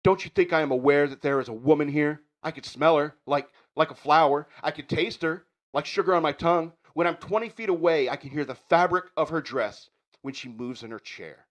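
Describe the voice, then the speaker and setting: A man's voice: on the high side, a little fast, natural voice. A man doing an impression of a weary office worker delivering a bitter speech as he quits his job.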